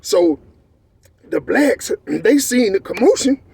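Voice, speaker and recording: A man from Texas with a Texan accent, telling a story in animated, profane street slang and often checking in with his listener. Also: high-pitched, slow, vocal fry, husky. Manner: animated, profane street slang, repeats "you know what I'm saying". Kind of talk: casual storytelling.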